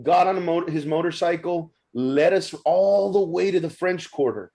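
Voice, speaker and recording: A man in his thirties of Mexican-American background, telling stories in a casual podcast chat, animated and stumbling over his words. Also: fairly high pitch, moderate pace. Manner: animated storyteller, frequent restarts and stumbles.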